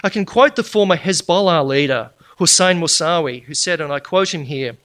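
A man addresses a live audience in a lecture. His voice sits a little high and rings bright and forceful. He drives his points home emphatically and slips in dry, humorous asides. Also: moderate pace, hardly any pauses. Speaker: public speaker.

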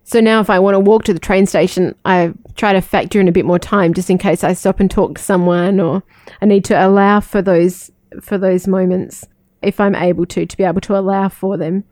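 Mellow-voiced nun giving a reflective talk. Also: female voice, mid-range voice, no room sound. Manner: reflective, personal storytelling. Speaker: religious sister. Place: living in the United States, not from there.

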